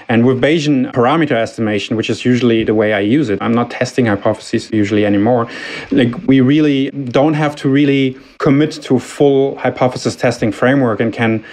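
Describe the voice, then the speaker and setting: Man with an even, mid-pitched voice. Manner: thoughtful, academic phrasing with small restarts. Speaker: podcast guest, linguistics researcher. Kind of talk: explaining his views in an interview.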